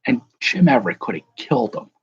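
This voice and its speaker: A man's voice: mid-range voice, sing-song, fast talker, breathy edge, muffled recording. A man hosting a casual live chat, rambling and correcting himself as he answers viewers. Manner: rambling, self-correcting, chuckling. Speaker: livestream host.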